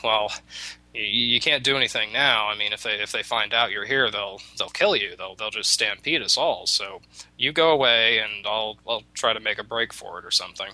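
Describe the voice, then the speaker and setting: A man's voice: fairly low pitch, normal speed, sharp tone, no room sound, rough recording. A man voicing a young chief's daughter in a spoken folk tale, pleading in an urgent, hesitant way.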